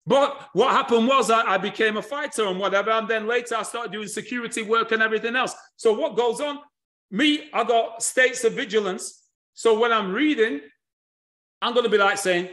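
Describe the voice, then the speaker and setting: Energetic male speaker, high-pitched for a man, animated lecturing delivery. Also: normal speed. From United Kingdom. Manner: energetic, animated presenting with audience tasks. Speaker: history and culture speaker. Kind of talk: lively lecture.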